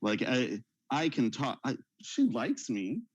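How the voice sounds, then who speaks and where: A man in his thirties, a father, telling long dad jokes in a relaxed chat on a video call. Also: mid-range voice, slow, no echo, dull audio. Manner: jokey storyteller, full of dad jokes. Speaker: guest artist.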